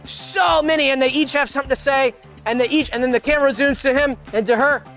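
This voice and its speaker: A man co-hosting a comedy podcast, pitching sketch ideas in a meandering, rambling way. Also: steady tone, fast, a bit bright, soft background music. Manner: meandering, restarts often, acts out bits. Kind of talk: rambling casual brainstorming.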